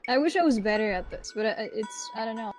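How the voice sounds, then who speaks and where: A woman from Poland with a Polish accent, chatting casually as a guest on a stream, lively and quick with asides. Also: on the high side, soft background music. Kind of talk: casual chat.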